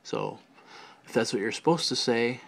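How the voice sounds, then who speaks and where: Recording himself on a handheld camera, a man with a creaky, medium-pitched voice rambles playfully at normal speed. He keeps sliding into whispers and put-on accents, joking about his efforts to do other accents.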